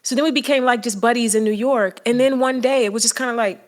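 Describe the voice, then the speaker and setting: A woman in her fifties, a podcast guest telling a personal story in lively, casual conversation. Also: a little high, quick pace. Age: 50s. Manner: lively storyteller, acting out quotes.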